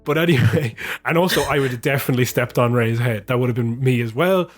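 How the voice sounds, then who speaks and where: A man's voice: medium pitch, fast talker. A male podcast co-host in casual comedic chat, rambling and swearing as he laughs through his points.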